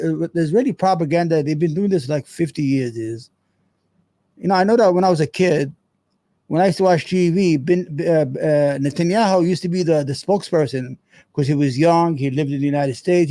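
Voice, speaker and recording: A man's voice: fairly high pitch, fairly quick, warm tone, no echo. A man, hosting a casual commentary show and reacting to clips, blunt, profane and digressive.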